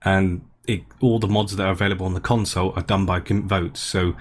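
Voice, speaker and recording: A man's voice: deep voice, fairly even intonation, a little fast, husky. A man co-hosting a gaming podcast in casual chat, rambling and restarting his sentences. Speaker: podcast co-host.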